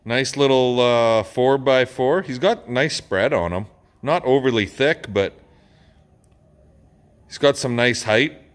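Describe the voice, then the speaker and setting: A farmer who hosts a channel chats slowly and casually for a vlog while outdoors on his farm, around farm machinery. His mid-range voice is laid-back and rambling, with drawn-out filler words and no room sound, and the noisy recording picks up engines and outdoor sounds.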